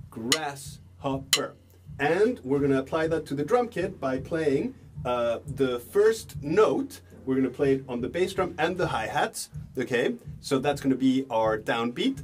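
A young man teaching a beginner drum lesson, relaxed, chanting rhythm words slowly as he claps and plays. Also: mid-range voice, noisy background. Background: drums and backing music.

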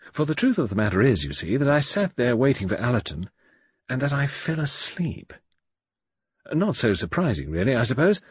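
Husky, expressive male audiobook narrator. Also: no room sound. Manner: measured, expressive storytelling with wide pitch swings. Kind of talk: first-person scripted audiobook narration.

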